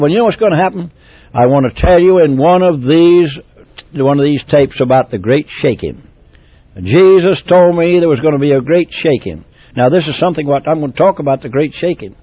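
A man delivers a fervent recorded sermon, rising to loud exclamations and dropping to soft, tender asides. His voice sits a little high and he often repeats phrases or starts over. The tape sounds thin and phone-like, with a dry, close tone. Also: expressive, a little fast, breathy edge, no echo. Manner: repeats phrases, trails off and restarts. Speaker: preacher.

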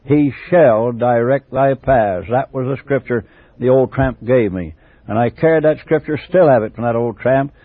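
A man's voice: medium pitch, moderate pace, no room sound. An older man from England recounts his life for a home memoir tape, drifting off on tangents and circling back. The recording is dry and tinny, like a thin old cassette. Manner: rambling, digressive storytelling with restarts.

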